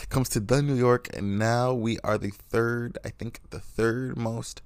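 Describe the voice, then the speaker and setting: A man's voice: medium pitch, fairly even intonation, a little slow, hardly any pauses, no room sound. A man hosting a podcast, delivering a rambling, sarcastic, profane comedic monologue into a close mic. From United States. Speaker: podcast host.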